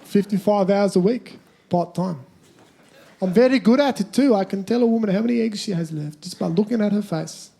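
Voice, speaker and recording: A man's voice: high-pitched, fairly quick, gravelly, mellow. A man playing a boastful, self-satisfied South African rocket scientist with a South African accent. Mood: smug. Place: theatre stage.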